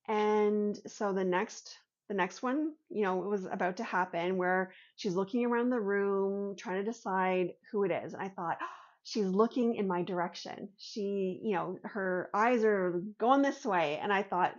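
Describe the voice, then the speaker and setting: Earnest woman vlogger, slightly muffled. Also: mid-range voice. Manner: earnest, voices her own inner thoughts. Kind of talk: personal storytelling and teaching.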